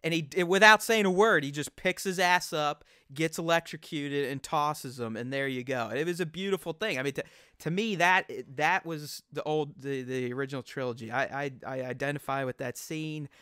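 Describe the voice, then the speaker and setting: A man's voice: on the high side, moderate pace, clear, resonant tone, dry recording, clean studio sound. A man in casual chat, ranting with lots of swearing and acting out quotes. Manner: profane, animated ranting with acted-out quotes.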